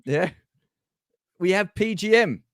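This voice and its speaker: A middle-aged man co-hosts a football livestream, talking in a loose and chatty way and greeting people by name. His voice sits a little high for a man. The sound is dry and close. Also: animated, slow, no echo. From England. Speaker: livestream co-host. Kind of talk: casual football chat.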